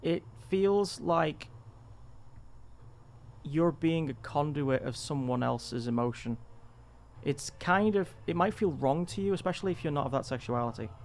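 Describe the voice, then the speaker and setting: A man running a tabletop game, narrating scenes in an unhurried, descriptive way with restarts. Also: on the high side, lively intonation. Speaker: game master.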